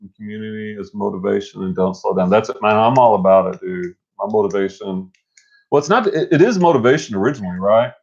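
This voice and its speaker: A middle-aged man co-hosting a casual live stream, energetic and motivational, rambling with restarts. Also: fairly low pitch, fast talker, gravelly, breathy edge. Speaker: co-host. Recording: dull lo-fi stream audio.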